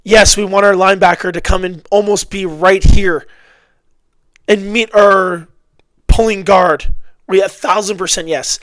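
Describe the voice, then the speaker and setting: A man's voice: sits high, a little slow, dry recording. A man breaking down football game film in casual commentary, blunt and often exasperated, correcting himself as he goes. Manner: blunt, animated, exasperated outbursts with self-corrections.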